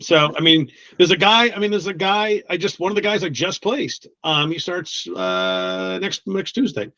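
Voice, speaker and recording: A man working as a recruiter, chatting casually in an interview, blunt and quick to swear, laughing often between many restarts. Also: fairly high pitch, lively intonation, sharp tone, no echo, dull audio. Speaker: guest recruiter.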